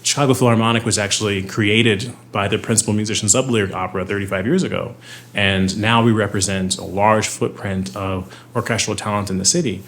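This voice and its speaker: Lowish man with faint hum. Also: fairly even intonation, brisk, fairly bright tone. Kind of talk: interview answer.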